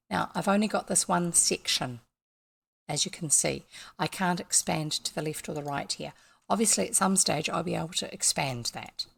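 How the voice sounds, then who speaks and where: A woman's voice: on the low side, vocal fry. A woman with a New Zealand accent, chatting casually as she plays a video game and explains each step to her viewers. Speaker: gaming vlogger.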